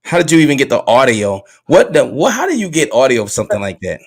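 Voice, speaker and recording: A man's voice: mid-range voice, big pitch swings, fast talker. Laid-back man hosting from a car. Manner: laid-back, candid, uses slang. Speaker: podcast host. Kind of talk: casual conversation.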